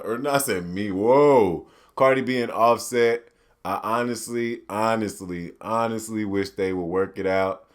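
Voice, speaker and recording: A man hosting a podcast, ranting casually in a profane, animated way and slipping into mock quotes. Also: on the low side. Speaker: podcast host. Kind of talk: solo ranting commentary.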